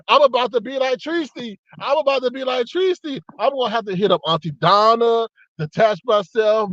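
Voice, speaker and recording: Male host, high voice, lively casual storyteller, dry dull recording. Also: no room sound. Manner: animated, acts out both sides with excited high jumps. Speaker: host telling a story to viewers. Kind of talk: casual storytelling to a live audience.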